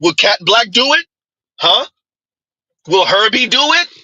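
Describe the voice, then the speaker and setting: A man's voice: sits high, very animated, unhurried, bright, forceful tone, no echo, low-quality recording. A man giving a mocking opinion commentary, full of rhetorical asides and scornful dismissals. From United States.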